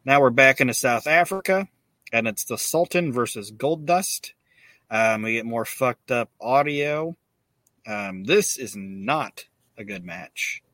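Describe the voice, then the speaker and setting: A man's voice: medium pitch, animated, a little slow, fairly bright tone, no room sound. A man hosting a podcast, recapping in casual, profane talk with many fillers. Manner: profane, filler-heavy retelling. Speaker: podcast host.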